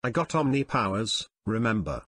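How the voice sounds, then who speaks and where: Casting: man voicing plotting chef owner, flat amateur read, dry close sound. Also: lowish voice, moderate pace, slightly rough, no echo, exaggerated voice. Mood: scheming. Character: scheming male restaurant owner chef.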